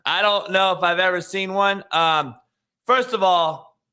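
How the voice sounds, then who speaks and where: A man's voice: sits high, unhurried, bright, forceful tone. A man hosting a casual sports talk show, blunt and profane, firing off strong opinions.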